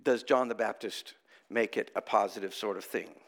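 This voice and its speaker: A man preaching a conversational sermon, asking the congregation rhetorical questions and talking in an animated way. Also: on the low side, moderate pace. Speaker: priest.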